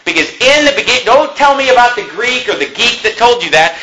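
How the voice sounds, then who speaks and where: A man preaching a sermon as pastor, emphatic, with repeated phrases and sudden loud peaks. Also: high-pitched, lively intonation, quick pace, few pauses, rough recording.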